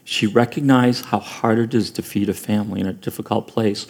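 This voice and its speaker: A male pastor delivering a sermon in a low, gravelly voice. He talks earnestly and stumbles into repeated words and restarts as he builds his points. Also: fairly even intonation, a little fast.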